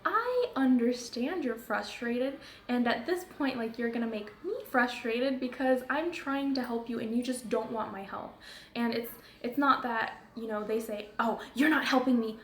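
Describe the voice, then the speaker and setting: A woman's voice: on the high side, a little slow, fairly bright tone, reverberant. A woman who works as a phone customer service agent, ranting in a casual vlog. She talks in a chatty, rambling way with many fillers and asides.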